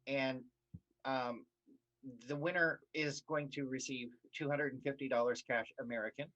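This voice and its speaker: A man's voice: mid-range voice, steady tone, moderate pace, poor audio. A man co-hosting an online karaoke show in casual livestream chat, gushing and repeating himself as he talks. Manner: gushing and warm-hearted, with repeated words.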